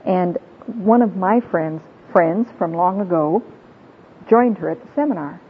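A woman giving a heartfelt, sermon-like talk, telling personal stories in an earnest, tearful way. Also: a little slow. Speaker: Christian women's speaker. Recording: tinny phone-like sound with faint rumble.

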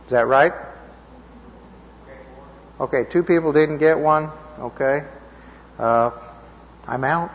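A man giving an informal Bible teaching to a live group, conversational and checking in with his listeners, his voice a little hoarse. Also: a little high, takes it slowly, long pauses, a little hiss or hum. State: slightly hoarse. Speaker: preacher teaching a class. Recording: dull lo-fi recording in a reverberant hall.

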